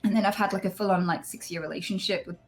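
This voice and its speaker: Animated woman telling a story. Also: medium pitch, quick pace, soft background music. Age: 30s. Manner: animated, acts out voices in quotes. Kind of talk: casual storytelling chat.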